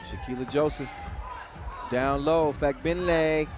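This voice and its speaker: Energetic male basketball commentator. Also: a little high. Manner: energetic, quick, jokey. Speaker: play-by-play commentator. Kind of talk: live sports commentary. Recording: commentary over loud arena music and crowd.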